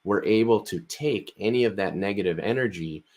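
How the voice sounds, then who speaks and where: A man in a casual podcast conversation, explaining things calmly and repeating words as he restarts. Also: lowish voice, moderate pace.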